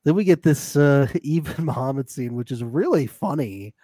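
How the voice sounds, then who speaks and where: A man's voice: medium pitch, animated, normal speed, mellow, dry recording. A man co-hosting a casual podcast, recapping a show with frequent laughter and acted-out quotes. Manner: laughs often, acts out quotes. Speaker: podcast co-host.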